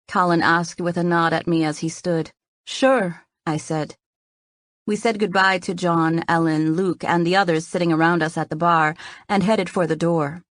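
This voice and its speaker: A woman narrating a romance novel in the first person, her voice sitting low and earnest. The sound is close and completely dry, with no room around it. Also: no room sound. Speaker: audiobook narrator.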